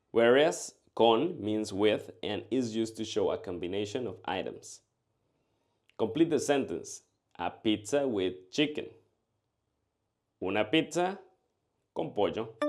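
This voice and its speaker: Male language tutor, slow deliberate delivery, animated pitch, scripted lesson read. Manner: slow, carefully enunciated drilling of phrases. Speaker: language teacher.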